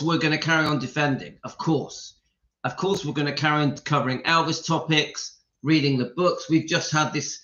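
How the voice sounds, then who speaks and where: A man's voice: on the high side, pushed and bright, reverberant, lo-fi sound. Emotional man chatting to viewers. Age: middle-aged. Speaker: live-stream host. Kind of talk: casual live-stream chat.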